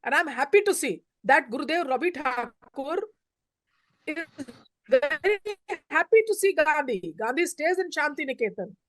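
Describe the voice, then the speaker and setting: A woman's voice: high-pitched, expressive, moderate pace, fairly bright tone. A woman professor from India, giving emphatic lecturing remarks on a panel. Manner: emphatic, lecturing, stresses single words.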